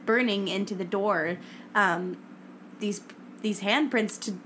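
A woman's voice: medium pitch, takes it slowly, a bit bright. A young woman co-hosting a podcast, casually recapping a book's plot with lots of fillers. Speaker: podcast co-host. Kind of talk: casual book-club chat. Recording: faint background noise.

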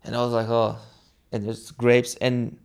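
A young Brazilian man, a native Portuguese speaker with a Brazilian accent, is a guest in a casual storytelling interview. His medium-pitched, smooth voice stays animated as he acts out quoted dialogue in halting, non-native English.

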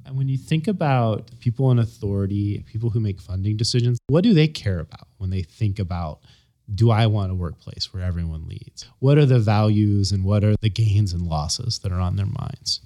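A man's voice: on the low side, expressive, normal speed, mellow. A man with an American Midwestern accent hosting a podcast and asking long, thoughtful questions. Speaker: podcast host. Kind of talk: interview questions.

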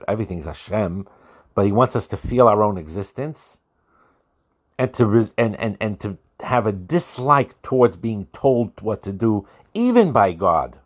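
Earnest low-voiced man giving a Torah class. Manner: earnest, repetitive, sprinkled with Hebrew and Yiddish terms. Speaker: Torah teacher. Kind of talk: religious lecture on marriage.

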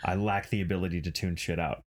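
A podcast co-host chatting casually and telling stories in an animated, profane way. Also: low voice, fast talker. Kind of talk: casual chat.

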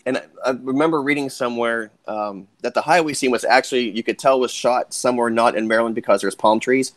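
A man's voice: medium pitch, quick pace, dry recording. A man guesting on a podcast, chatting casually and explaining points with military and old-telephone detail. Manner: speculative, explains with military and phone-era detail.

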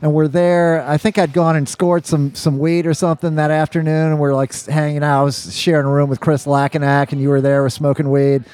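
A man telling a rambling old road story in casual conversation, halting and restarting often. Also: on the high side, level tone, a little mellow. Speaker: co-host, former touring musician.

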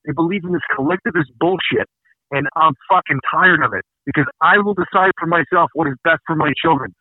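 A man's voice: a little high, fairly quick, no room sound. Ranting, profane man on a thin line. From Canada. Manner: angry, profane, emphatic ranting with repeated words. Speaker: podcast host. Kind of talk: casual podcast rant. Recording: tinny phone-like dry sound.

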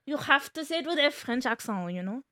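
A woman trades lively, laughing banter in a casual chat before a game. Her bright voice swings widely in pitch and sits somewhat high. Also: brisk. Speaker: player.

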